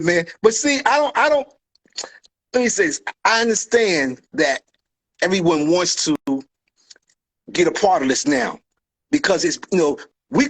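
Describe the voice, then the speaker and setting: Animated husky-voiced man telling stories. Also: sits high, poor audio. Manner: animated storyteller, acts out quoted voices. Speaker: guest, early hip hop dancer. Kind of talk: casual conversation.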